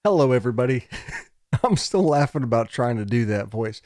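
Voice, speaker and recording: A college lecturer gives a casual, digressive recorded lecture, joking as he goes, his throat slightly scratchy. His mid-range voice is darkish with lively intonation at a moderate pace, captured in studio quality with no room sound.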